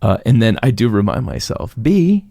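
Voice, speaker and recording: A man co-hosting a podcast in casual chat, self-deprecating and quick with a joke. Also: fairly low pitch, very animated, creaky, warm tone, no echo, clean studio sound. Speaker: podcast co-host.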